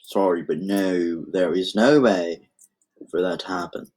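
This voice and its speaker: A man's voice: deep voice, unhurried, darkish tone. A young man casually improvising a fan story, rambling and often interrupting himself. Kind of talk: improvised fan-fiction narration.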